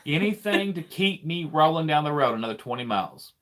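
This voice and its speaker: A man hosting a loose trucking chat, his voice bright and a touch high for a man. He rambles, circles back and repeats words before he lands a thought. The talk is easygoing and unscripted. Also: expressive, a little fast, few pauses. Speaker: trucker and channel host. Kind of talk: casual live chat.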